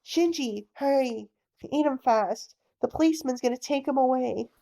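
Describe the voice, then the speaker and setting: Feisty shouting boy, a woman doing him. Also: high voice, moderate pace, creaky. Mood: urgent. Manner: shouting, fierce. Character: feisty defiant young boy. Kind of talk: bedtime-story audiobook reading.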